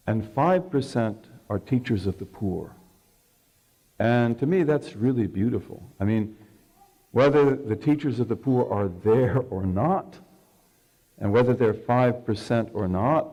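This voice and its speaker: A man's voice: mid-range voice, warm tone, poor audio. A man giving a religious lecture, telling a story, acting out the quoted lines and asking his listeners questions. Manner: storyteller who acts out quotes and asks the audience questions. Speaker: Islamic scholar lecturing.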